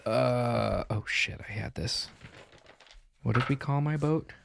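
A man playing in a tabletop game, excitable, swearing and cooing at creatures. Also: medium pitch, slow pace, gravelly, noisy background. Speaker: player. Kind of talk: tabletop role-play chat.

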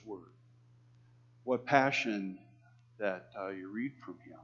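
A man's voice: lowish voice, a little slow, long pauses, a bit bright, breathy edge. A man from Texas preaching a sermon in an earnest, conversational way, calling on the congregation to repeat lines after him. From Texas, USA. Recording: dull lo-fi sermon recording.

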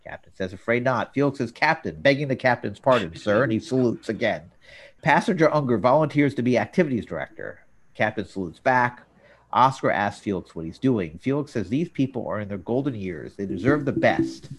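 A man hosting a casual talk show, recapping scenes and jumping into quoted lines with an animated delivery. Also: fairly quick, breathy edge. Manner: animated, jumps up in pitch for quoted characters. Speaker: podcast host.

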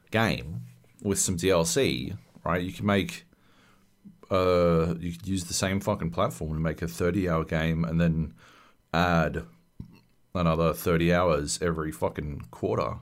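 A man co-hosting a podcast, giving blunt, sardonic opinions in casual chat with frequent swearing. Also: low voice. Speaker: podcast co-host.

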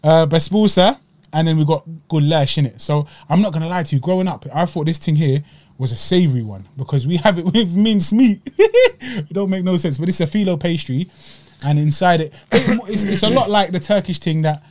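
Podcast host, male, Egyptian roots, lightly raised pitch, chatty and animated. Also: fairly quick. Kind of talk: casual chat, food review.

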